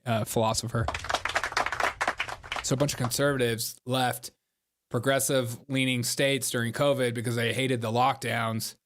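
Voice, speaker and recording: A man's voice: mid-range voice, little pitch movement, normal speed, long pauses, very noisy. A man hosting a live stream, reacting to election coverage with sarcastic asides and frequent laughter. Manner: sarcastic, laughs often, talks over the broadcast. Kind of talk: casual livestream commentary.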